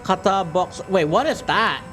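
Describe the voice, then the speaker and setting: A man's voice: high-pitched, animated, moderate pace, a bit bright, soft background music. A man casually chatting to his chat while playing a racing game on a stream, jokey and a bit profane.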